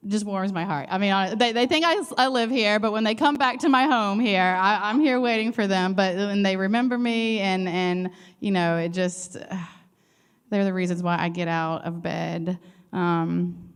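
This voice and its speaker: A woman's voice: mid-range voice, moderate pace, clean tone. A woman who teaches at a weekday school, speaking emotionally with many stammered restarts. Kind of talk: heartfelt personal testimony. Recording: reverberant room.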